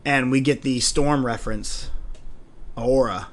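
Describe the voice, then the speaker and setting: A man co-hosting a casual TV review podcast, animated and acting out scenes in silly voices. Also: medium pitch, unhurried. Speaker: podcast co-host.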